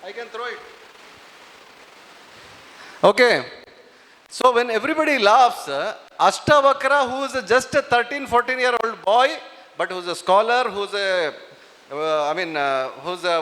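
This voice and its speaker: A man's voice: extremely high pitch, pushed and bright. A man with an Indian English accent, a police officer giving a motivational talk to students. He teases and coaxes the audience as he talks. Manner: teasing, coaxing the audience. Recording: echoey hall.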